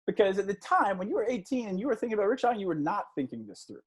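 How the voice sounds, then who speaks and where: A man's voice: high voice, big pitch swings, rapid-fire, breathy edge. A man giving a guest talk to a class, telling a story conversationally and asking the audience for shows of hands. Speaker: guest speaker.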